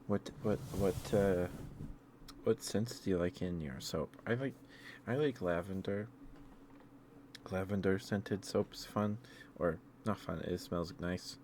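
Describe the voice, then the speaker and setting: A man streaming ASMR, chatting softly with viewers in a gentle, affectionate and halting way. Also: low-pitched, slight background noise. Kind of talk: soft-spoken ASMR chat with viewers.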